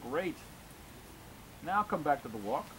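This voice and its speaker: A man's voice: on the high side, sing-song, measured pace, fairly bright tone, a little hiss or hum, poor audio. A man coaching a dressage lesson, giving short commands and encouraging praise. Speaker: riding instructor.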